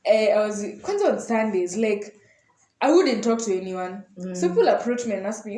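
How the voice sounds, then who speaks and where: Young Kenyan woman, podcast co-host, animated storyteller, swooping pitch, roomy sound. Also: moderate pace. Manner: animated, laughs often while telling stories. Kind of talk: casual chat.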